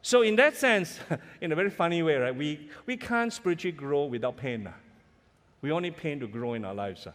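A middle-aged man preaches from the pulpit, his voice sitting a little high. He tells stories earnestly and builds to strong, emphatic peaks. His words ring out into a church hall with a long reverb. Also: animated, normal speed, fairly bright tone. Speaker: pastor. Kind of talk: sermon. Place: church sanctuary.

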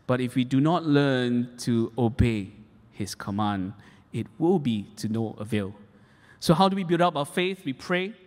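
A pastor delivers a sermon with a somewhat high voice, restating his key points for emphasis. He speaks in a church hall with a long, ringing echo. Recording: echoey hall.

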